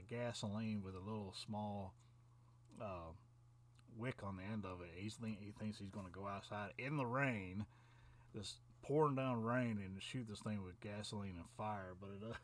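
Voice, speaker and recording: A man recapping a film plot in loose, rambling chat, full of fillers, restarts and little chuckles. His voice sits a bit low for a man. He sounds like a casual online reviewer talking straight to his viewers.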